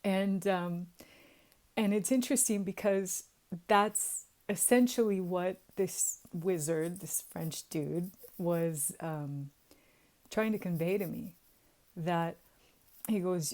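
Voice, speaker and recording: A woman's voice: on the low side, slow pace, darkish tone. Chatty woman vlogger, lots of fillers. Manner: chatty, many fillers, laughs often. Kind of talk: casual confessional vlog.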